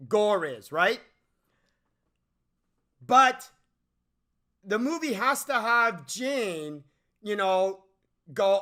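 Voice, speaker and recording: A man's voice: high voice, pushed and bright. A man giving an unscripted movie review rant, exasperated and profane, often stammering and restarting his sentences, with mocking sarcastic asides.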